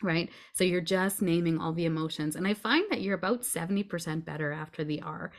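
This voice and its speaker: Low-voiced woman calmly explaining. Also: fairly quick. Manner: earnest, reassuring, often checks in with "right?". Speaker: podcast guest, grief coach. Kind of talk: conversational explaining.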